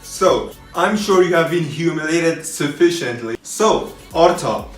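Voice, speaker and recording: A man's voice: a little high, expressive, measured pace. A young man hosting a casual programming video, joking at his own expense and acting out little skits as he talks to viewers. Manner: playful, self-mocking, acts out little skits. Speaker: programming tutorial YouTuber. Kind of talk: casual humorous vlog talk. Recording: echoey room with faint music.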